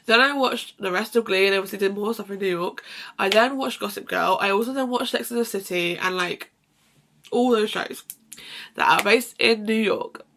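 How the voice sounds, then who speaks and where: A woman's voice: mid-range voice, normal speed, fairly bright tone. A young woman chatting to camera in a casual vlog, rambling with many restarts and fillers. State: sneezing, slightly emotional. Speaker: lifestyle vlogger.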